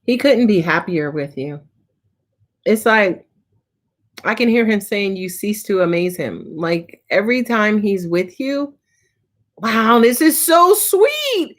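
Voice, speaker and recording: A woman's voice: mid-range voice, animated, a little slow. Slangy, tired tarot reader woman. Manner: casual, slangy and profane. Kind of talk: live-stream Q&A reading.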